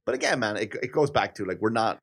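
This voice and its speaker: Man, thirties, podcast co-host, casual chat, animated storytelling, swears, laughs often. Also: lowish voice, fast talker, gravelly.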